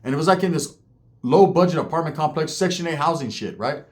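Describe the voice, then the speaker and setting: Slangy man with a higher voice. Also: a little mellow. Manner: profane, slangy, keeps asking "right?"; acts out other people's lines in quick voices. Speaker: podcast guest telling a story. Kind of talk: casual street storytelling.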